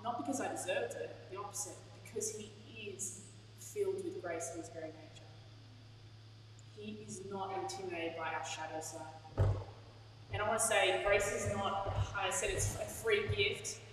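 A woman's voice: medium pitch, moderate pace, noisy background. Woman pastor, candid chatty sermon, heard from a distance in a big echoing hall. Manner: candid, chatty, laughs at herself. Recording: echoey hall, from far off.

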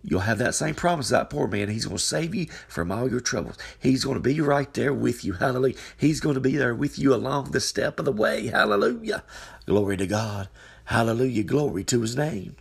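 Gravelly-voiced man preaching earnestly. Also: mid-range voice, fairly quick. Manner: earnest, folksy, repeats phrases, exclaims hallelujah. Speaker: podcast preacher. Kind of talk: informal devotional sermon. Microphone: phone microphone.

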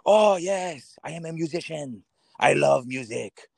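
A man putting on the voice of an excitable French man who gushes about his favorite musician, with a French accent. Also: fairly high pitch, measured pace, creaky, no room sound, voice pushed up, exaggerated voice. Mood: gushing.

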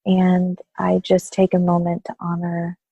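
Gravelly-voiced woman postpartum doula. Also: on the low side, monotone, measured pace, dry recording, muffled recording. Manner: thoughtful, gentle, with soft laughs. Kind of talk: interview conversation.

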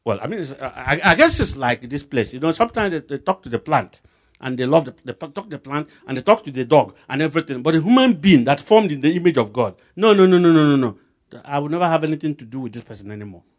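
A man with a Nigerian accent preaching a sermon, his voice swinging from low and quiet to loud emphatic bursts as he acts out dialogues. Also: animated, quick pace. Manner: acts out back-and-forth dialogues while preaching.

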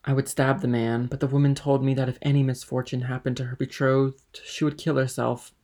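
A man's voice: medium pitch, little pitch movement, brisk, darkish tone, close to an everyday voice. A man reading aloud, voicing a desperate lovesick young man who speaks with grim intensity. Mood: brooding despair.

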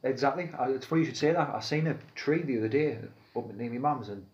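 Man, North East English accent, podcast co-host, casual jokey banter, rambling, mid pitch. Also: fast talker, darkish tone, muffled recording. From Peterlee, England.

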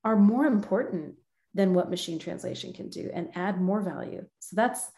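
A woman's voice: on the low side, moderate pace, creaky, mellow. A middle-aged woman from the United States answering interview questions in a friendly, thoughtful way, laughing often. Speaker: guest, localization professional.

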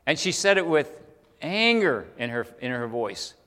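A man preaching a sermon as a pastor, rising to loud emphasis and then dropping to quiet, intimate talk. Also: mid-range voice, sing-song, a little slow. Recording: long hall reverb.

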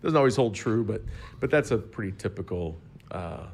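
Laid-back man explaining with a low voice. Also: lively intonation, normal speed, a little mellow, slight background noise. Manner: easygoing, explains with everyday examples. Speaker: wine expert guest. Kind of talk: casual explanatory chat.

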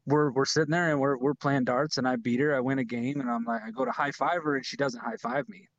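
A man's voice: steady tone, fast, dry recording. Brief: easygoing male storyteller, loose and rambling, muffled dry recording. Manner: laid-back, rambling, drops to a low mutter for his own thoughts. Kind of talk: casual comedic storytelling.

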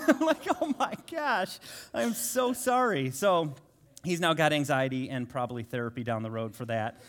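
Guest preacher, man, 30s, slightly high voice, self-mocking humor, easy conversational delivery. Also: fairly bright tone. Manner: joking, self-deprecating storyteller. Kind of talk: conversational sermon.

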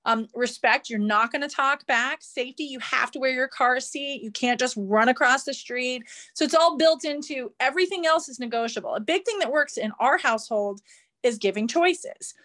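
A woman's voice: sits high, moderate pace, a bit bright. A woman hosting a casual interview, confidently explaining with examples from home. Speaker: podcast host and parent.

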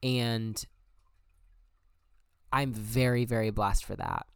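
A man's voice: lowish voice, slow pace, vocal fry, fairly bright tone, smooth, no echo. A young man telling a personal story as a podcast host, candid and emphatic, swearing often. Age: young adult. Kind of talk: personal monologue.

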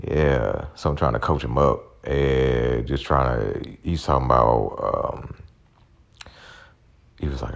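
A man's voice: rumbling low, normal speed, gravelly. A man in his forties hosting a podcast, ranting bluntly with plenty of swearing. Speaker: podcast host. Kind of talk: casual profane rant.

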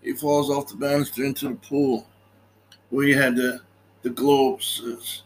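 A man's voice: medium pitch, flat delivery, a little slow, noisy background. A man casually recapping a movie in a laid-back way, laughing often and acting out lines.

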